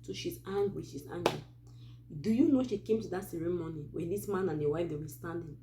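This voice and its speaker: Lowish, mellow Cameroonian woman storyteller. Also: quick pace, slight background noise. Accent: Cameroonian English. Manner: animated, telling a true story with many asides. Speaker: host of a Christian advice channel. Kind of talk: casual storytelling.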